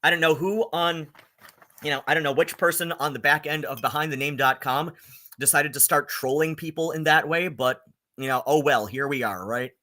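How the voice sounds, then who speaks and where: A man streaming rambling, sarcastic commentary, halting on constant ums and likes. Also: fairly high pitch, sharp tone. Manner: filler-heavy, halting, with many ums and likes; sarcastic and exasperated.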